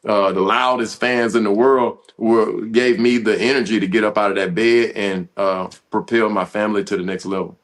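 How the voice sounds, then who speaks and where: A man in his thirties, a former football player, telling an emotional personal story as a podcast guest, earnest and halting, with restarts and fillers. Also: lowish voice, fairly even intonation.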